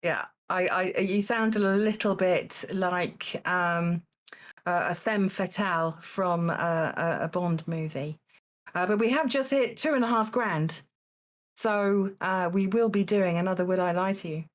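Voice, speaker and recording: A woman's voice: fairly low pitch, a little slow. A woman hosting a charity live stream in casual chat, amused and laughing often. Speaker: stream host acting as the show's judge.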